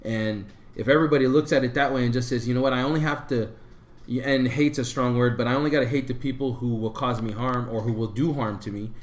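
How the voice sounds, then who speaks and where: Animated storytelling man, echoey room. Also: medium pitch, fast talker. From Puerto Rico. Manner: animated storyteller, acts out quoted people loudly. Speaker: podcast co-host. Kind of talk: casual storytelling chat.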